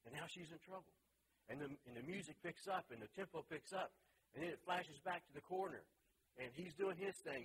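A man's voice: fairly high pitch, fairly bright tone, a little hiss or hum, low-quality recording. A man teaching a church Bible class in a chatty, storytelling way, full of asides and fillers. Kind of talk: casual teaching talk.

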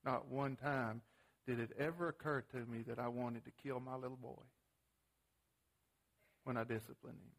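A man's voice: mid-range voice, gravelly. A middle-aged man teaching a parenting class, plain-spoken and folksy, telling a family story with casual grammar and frequent restarts. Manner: halting restarts when animated. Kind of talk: folksy teaching talk with audience questions.

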